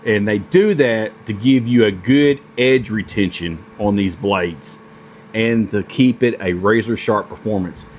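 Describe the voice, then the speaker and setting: A man reviewing pocket knives in a casual vlog, speaking at an unhurried, drawn-out pace. He gushes with excitement and keeps stumbling over ums and restarts. A faint air-conditioning hum sits behind his voice. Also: on the low side. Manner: excitable and gushing, with many fillers and restarts. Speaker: knife reviewer.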